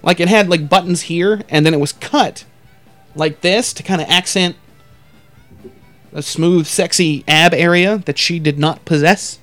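Profane, high-voiced male podcast host. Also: unhurried, fairly bright tone, faint music behind. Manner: profane, rambling, acts out quotes in exaggerated voices. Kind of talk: crude comedic storytelling.

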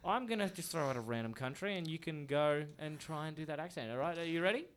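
A man co-hosting a casual podcast chat, excitable and quick to laugh. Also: a little high, a little hiss or hum. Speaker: podcast co-host.

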